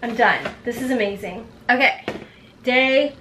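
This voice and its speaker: A woman in her forties unboxing beauty products in a vlog, gushing and gasping with excitement. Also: fairly high pitch, a little slow, a little hiss or hum. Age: 40s. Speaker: beauty vlogger.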